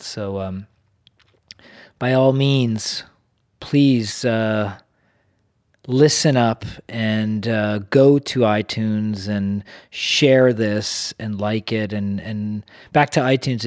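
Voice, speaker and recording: Slow, low-voiced male podcast host. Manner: unhurried, rambling with many fillers. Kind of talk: sponsor read and outro.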